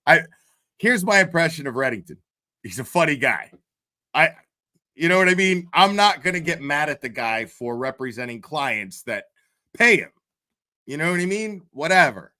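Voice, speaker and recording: A man's voice: medium pitch, pushed and bright. A man telling a story in casual chat, swearing constantly, laughing often and restarting his sentences. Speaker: commentary streamer.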